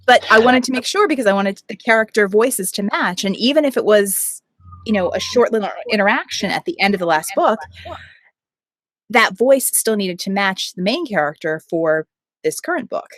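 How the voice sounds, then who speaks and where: A woman's voice: mid-range voice, animated, normal speed, a bit bright, dry recording. Chatty woman audiobook narrator, dry sound. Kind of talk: casual podcast chat.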